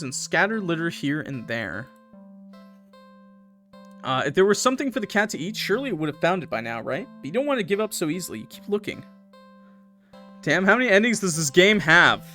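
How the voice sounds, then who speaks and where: A man's voice: high voice, a bit bright. A young man playing a horror game, reading its text aloud with dramatic swings and joking asides. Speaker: gaming YouTuber.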